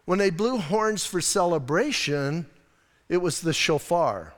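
A man's voice: sits high, animated, unhurried. A middle-aged man, a pastor, giving a casual, chatty sermon and talking to listeners directly. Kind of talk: conversational sermon. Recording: church hall reverb.

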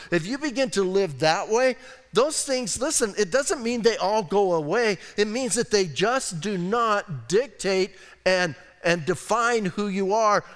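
In a large hall, a male pastor with a high voice delivers a church sermon. He's humorous and conversational, moving between soft asides and emphatic points.

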